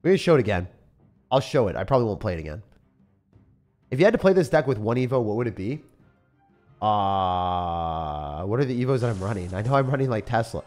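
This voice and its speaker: Excitable young man streaming a game. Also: fairly quick, pauses often. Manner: excitable, swings between loud outbursts and low muttering. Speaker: gaming streamer. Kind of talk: live game commentary. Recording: faint music behind voice.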